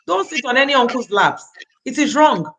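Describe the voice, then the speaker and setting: Bright-voiced Nigerian woman speaking earnestly. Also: high-pitched, moderate pace, slight background noise, low-quality recording. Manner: earnest, animated, with Nigerian interjections. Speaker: author. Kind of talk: talking at a virtual book event.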